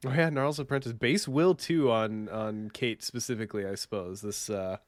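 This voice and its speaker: A man's voice: fairly low pitch, normal speed, no echo. A man co-hosting a podcast, chatting casually about a card game with rambling, self-deprecating asides. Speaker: podcast co-host.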